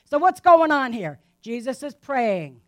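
Woman, high voice, conversational preacher, rhetorical questions to the listeners. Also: sing-song, measured pace. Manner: asks the listeners rhetorical questions, tags lines with "right?". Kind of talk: conversational Bible teaching.

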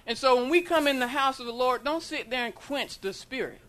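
Woman preacher with a high, ringing voice, repeating lines back to the congregation and rising to shouts in a church. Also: fairly quick. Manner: call-and-response, repeating lines, building to shouts. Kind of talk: sermon. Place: church sanctuary.

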